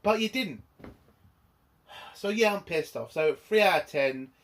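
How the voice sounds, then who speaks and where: High-voiced man in an angry rant. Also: expressive, measured pace, fairly bright tone. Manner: angry, swearing, exasperated. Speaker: TV episode reviewer. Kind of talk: ranting video review.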